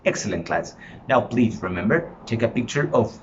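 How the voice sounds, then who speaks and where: A man teaching an online lesson, drawing out his prompts slowly for the class. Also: medium pitch, expressive. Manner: slow, drawn-out classroom prompting. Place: home. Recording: dull lo-fi home recording, faint room noise.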